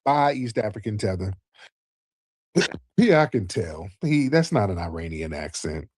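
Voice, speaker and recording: A man's voice: fairly low pitch, big pitch swings, measured pace, no room sound, studio quality. A male host of a call-in show who argues with a caller in a mocking tone, keeps calling him "sir", and then lectures at length. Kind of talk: live call-in show commentary.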